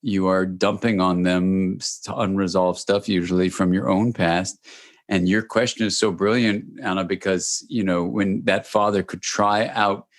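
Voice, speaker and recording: A man speaking as a guest expert in an interview, explaining in a measured, emphatic way. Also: deep voice, steady tone. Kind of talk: interview answers.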